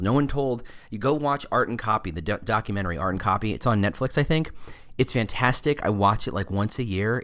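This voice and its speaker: A man with a fairly low voice hosts a podcast in a loose, casual monologue. He talks in an opinionated, conversational way, trailing off and restarting as he goes. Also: a bit bright. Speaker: podcast host.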